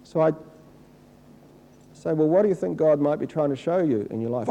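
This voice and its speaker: A middle-aged man preaching a sermon in a conversational way, acting out people's complaints in a higher, whiny voice. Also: animated, normal speed, vocal fry, long pauses, dark tone, highs cut off. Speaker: pastor.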